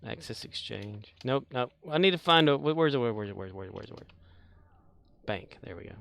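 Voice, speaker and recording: A man's voice: medium pitch, animated, brisk, gravelly, fairly bright tone. A man streaming a game live, chatting casually, joking, laughing often and repeating words playfully. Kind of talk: casual live-stream chat while gaming.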